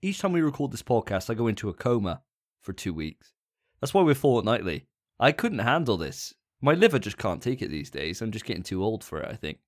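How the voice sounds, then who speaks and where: A man's voice: fairly low pitch, very animated, fairly quick. A man co-hosting a gaming podcast, chatting casually with dry, self-mocking banter. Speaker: podcast co-host. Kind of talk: casual chat.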